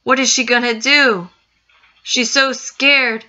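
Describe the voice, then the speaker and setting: A woman's voice: a little high, steady tone, takes it slowly, bright, forceful tone. A woman narrating a spooky story with suspense, repeating phrases for effect. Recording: dull lo-fi recording.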